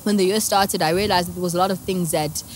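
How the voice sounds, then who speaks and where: A woman's voice: on the low side, steady tone, fast, slight background noise. A South African woman in her thirties, telling her story in a reflective, emotional way during a casual interview. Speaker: guest musician.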